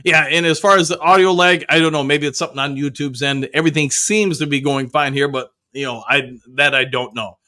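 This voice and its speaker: A man's voice: a little high, fairly even intonation, brisk, few pauses, bright, forceful tone. A middle-aged man hosting a live fan show, chatting casually and reading viewer comments aloud with cheerful whoops.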